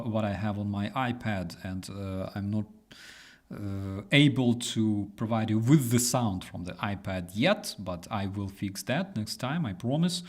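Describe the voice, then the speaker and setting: Slow-talking man hosting casual commentary. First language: Ukrainian. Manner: relaxed, halting, many fillers and restarts; voices quoted people with exaggerated high-pitched mimicry. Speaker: host.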